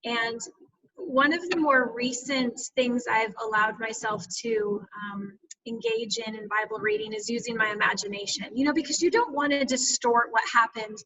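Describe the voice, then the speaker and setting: A woman's voice: on the high side, moderate pace, bright, forceful tone, slight background noise. A woman author retelling a Bible story and reflecting on it earnestly, with frequent fillers, over a video call. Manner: earnest, reflective, many fillers like "you know". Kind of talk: reflective personal storytelling in an interview. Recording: distant video call audio.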